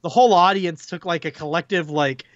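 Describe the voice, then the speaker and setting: A man's voice: fairly high pitch, brisk, crowd noise. A man co-hosting a podcast, chatting casually and reviewing a film with plenty of fillers. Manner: relaxed, filler-heavy opinions. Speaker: podcast co-host. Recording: dull dry lo-fi sound.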